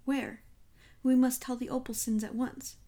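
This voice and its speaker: Brief: woman playing an earnest, impatient gentleman companion, audiobook reading. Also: high voice, little pitch movement, a little slow, voice pushed up.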